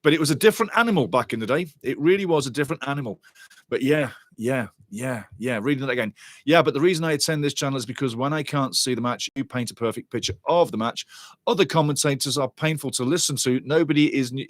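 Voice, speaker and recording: An older man from Wales hosting a football watchalong stream, chatting casually, joking and reading out viewer comments, now and then breaking into excited shouting. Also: mid-range voice, fast talker, no room sound. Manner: excitable, jokey, bursts into shouting.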